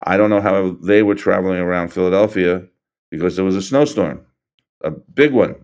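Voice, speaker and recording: Older guy, lowish voice, stops and restarts a lot, earnest, telling what happened. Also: a little mellow. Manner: halting, restarts and trails off, earnest. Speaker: interview guest, grieving father. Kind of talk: recounting events in an interview.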